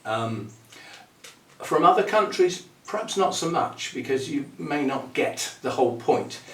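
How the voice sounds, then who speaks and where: A man's voice: mid-range voice, animated, a little slow, a bit bright. Uk guy chatting away, jokey with words, echoey room, mic a bit far off. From United Kingdom. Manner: chatty and playful, laughs at his own wordplay. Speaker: orchid channel host. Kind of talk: casual rambling chat to camera.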